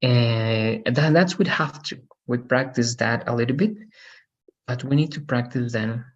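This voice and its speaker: A man records an English grammar lesson for students who will watch later. His voice sits in an ordinary middle pitch. He explains carefully, restarts phrases and keeps checking understanding with quick tag questions. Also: highs cut off. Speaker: English teacher.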